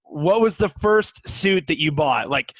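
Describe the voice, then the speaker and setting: Man, podcast co-host, casual chat, hesitant stammering questions, slightly high voice, dry close sound. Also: lively intonation, a little slow, no room sound.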